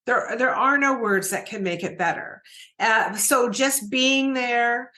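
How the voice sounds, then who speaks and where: A woman's voice: fairly high pitch, slow, bright, forceful tone. A middle-aged woman hosting an interview, asking searching questions that ramble with many restarts. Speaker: podcast host. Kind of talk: interview conversation.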